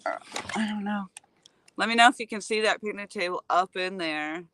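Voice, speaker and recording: A woman's voice: mid-range voice, moderate pace, fairly bright tone, slight background noise. A woman vlogger chatting casually to her live-stream viewers while paddling a kayak outdoors on a lake, speaking into a handheld phone. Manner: chatty, talks straight to viewers. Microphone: handheld phone camera.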